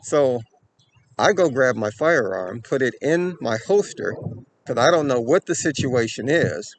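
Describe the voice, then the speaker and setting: A man hosting a self-defense channel, telling a personal story in an earnest way and growing animated, often checking in with "okay" and "right". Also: mid-range voice, measured pace, slight background noise. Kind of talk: storytelling to camera.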